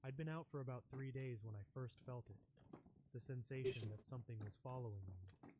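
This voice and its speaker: A man reading a scripted first-person horror story in a measured, ominous way. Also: mid-range voice. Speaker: narrator. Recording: noisy background with clicks.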